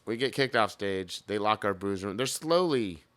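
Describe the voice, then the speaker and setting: An American man with a lowish voice speaks at a moderate pace, a drummer appearing as a guest on a podcast. He tells a long road story casually and animatedly, swearing a lot and acting out the things people said.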